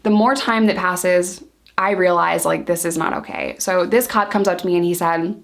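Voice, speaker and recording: A woman's voice: fairly low pitch, fairly even intonation, normal speed. A woman in her thirties casually telling a personal story to camera, blunt and heated, swearing freely.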